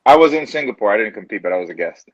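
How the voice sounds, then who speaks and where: A man with a New York accent telling profane, animated stories as a guest on a casual video call talk show. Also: lowish voice, racing, breathy edge, dry recording, highs cut off. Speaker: guest fighter. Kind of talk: casual storytelling.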